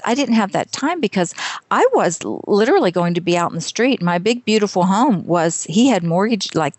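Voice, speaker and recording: A middle-aged woman speaks at a mid pitch as a guest author in a conversational interview. She tells stories in a lively, self-deprecating way with frequent laughter. The sound is dry and close, with no room echo.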